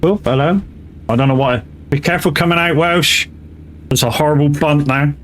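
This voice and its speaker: A man's voice: a little high, moderate pace, fairly bright tone, a little hiss or hum. A man, chatting casually and swearing freely with his viewers while driving in a game stream, laughing often.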